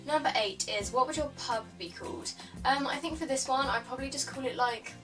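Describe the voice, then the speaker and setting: A woman's voice: mid-range voice, recorded from a distance. Young English woman, casual vlog chat, lots of "like", self-deprecating, a bit away from the mic, music underneath. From England. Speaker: beauty vlogger.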